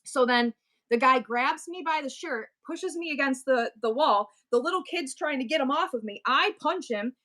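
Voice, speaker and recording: A woman's voice: sits high, normal speed. Chatty middle-aged woman, rambling storyteller. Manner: animated, rambling storyteller with many asides and restarts. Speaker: live-stream seller and host. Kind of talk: casual storytelling chat.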